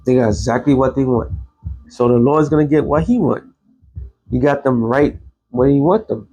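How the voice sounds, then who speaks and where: A man's voice: medium pitch, normal speed, mellow, husky, muffled recording. A man giving a casual, rambling religious commentary as an online host, blunt and quoting scripture.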